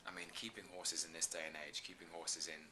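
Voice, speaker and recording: Low-voiced, bright-toned earnest man. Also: level tone, fast talker, a little hiss or hum. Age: 30s. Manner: earnest, effusive, with many restarts and ums. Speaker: actor, interview guest. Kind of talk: casual interview chat.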